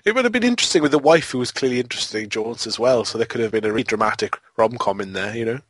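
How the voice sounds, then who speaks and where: A man's voice: mid-range voice, lively intonation, very fast, fairly bright tone, slightly rough, dry recording. A man co-hosting a podcast, rambling through a film review in a casual, amused way and often breaking into laughter. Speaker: podcast co-host.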